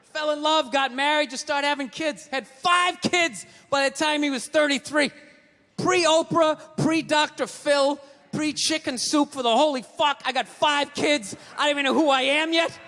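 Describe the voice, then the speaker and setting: A man performing stand-up and ranting in a profane, animated way. His voice is very high and bright. A long hall reverb and faint ambience carry through the venue. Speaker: stand-up comedian. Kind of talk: stand-up set. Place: live comedy venue.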